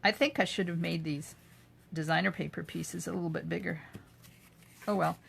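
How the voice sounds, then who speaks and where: A woman's voice: on the low side, fairly even intonation, moderate pace, creaky, slightly rough. An older woman hosting a live craft demo. She narrates each step as she works and chats back to viewer comments. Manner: chatty, answers viewer comments while working. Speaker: craft video host. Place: home craft room.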